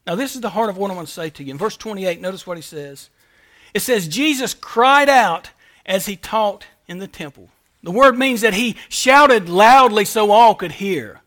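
A male pastor preaching a sermon, emphatic and repetitive, swinging between loud declarations and quiet asides. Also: sits high, expressive, normal speed.

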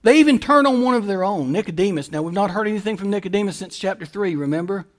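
A man's voice: high voice, lively intonation, quick pace. A man pastor preaching a sermon, building emphatic lists and rhetorical questions.

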